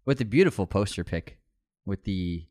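A male podcast co-host in loose, casual chat. His pitch swings a lot as he jokes, laughs and swears offhandedly. He sounds relaxed and unscripted. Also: normal speed. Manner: laid-back, joking, swears casually.

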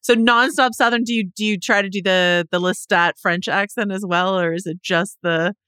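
A woman hosting a podcast over a video call, chatting quickly and excitably and laughing easily. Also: mid-range voice, clear, resonant tone, dry recording, clean studio sound. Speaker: podcast host.

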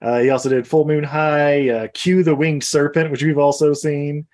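A man's voice: on the high side, flat delivery, normal speed, a little mellow. Laughing man co-hosting a film chat. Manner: laughs often, lists film titles with asides. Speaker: podcast co-host. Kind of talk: casual chat.

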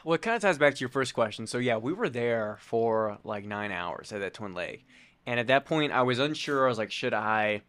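A man co-hosting a casual podcast chat, telling a story in a relaxed, jokey way. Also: medium pitch, normal speed, clear, resonant tone. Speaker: co-host and race crew member.

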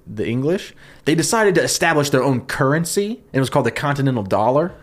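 A man co-hosting a comedy podcast, retelling a historical story in a loose, joking way with lots of fillers. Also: mid-range voice. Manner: fast, animated retelling with fillers and laughs. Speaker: podcast co-host pitching a story.

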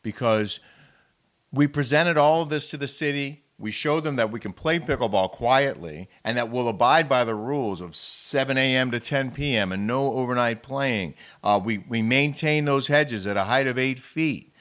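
A man's voice: medium pitch, moderate pace, fairly bright tone. A man co-hosting a casual talk show, telling a story with building indignation. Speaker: show co-host. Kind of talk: casual chat.

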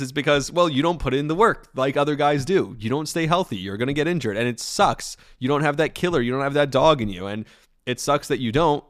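Low-voiced, opinionated male podcast host. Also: dry recording, studio quality. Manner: opinionated, animated. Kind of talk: casual sports commentary.

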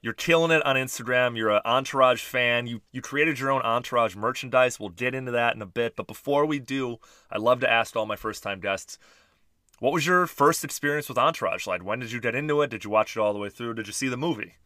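A man hosting a podcast, reading sponsor notes and chatting with a guest in an upbeat way, quick to laugh. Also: medium pitch, pushed and bright, no echo, studio quality. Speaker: podcast host. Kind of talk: casual podcast chat.

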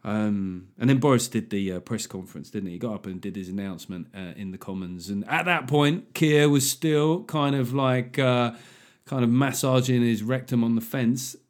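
Male comic host, 40s, loose sweary podcast riffing, medium pitch. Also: normal speed. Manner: animated, sweary, self-mocking riffing. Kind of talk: casual comedy podcast monologue.

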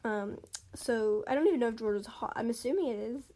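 A woman's voice: fairly high pitch, brisk, mellow, slight background noise. A young woman reading her own stories aloud in a chatty way, breaking off for giggly asides. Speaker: storyteller.

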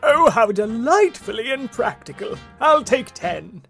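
A man's voice: very high voice, big pitch swings, unhurried, creaky, a bit bright, soft background music, voice pushed up, full character voice. A man voicing a pompous, self-important wizard with a grand, theatrical delivery. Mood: pompous, delighted.

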